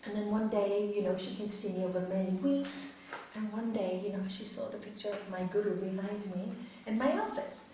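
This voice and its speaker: A middle-aged woman giving an earnest, expressive spiritual talk as a raja yoga teacher to an audience in a hall. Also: medium pitch, brisk. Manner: earnest, expressive, acts out quotes. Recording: echoey hall, distant mic, faint noise.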